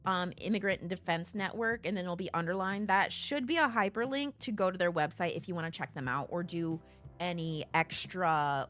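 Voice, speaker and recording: A woman's voice: normal speed, faint music behind. A young woman streaming live, chatting casually with her viewers and reading their messages aloud. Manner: animated, swings from low mumbles to shrieking laughs; reads chat aloud and jokes with viewers.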